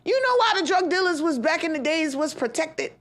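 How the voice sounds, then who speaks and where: A young adult woman hosting a podcast, ranting in a heated, profane monologue, swinging between loud outbursts and low grumbles and laughing through her words. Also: lively intonation, a little fast. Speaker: podcast host.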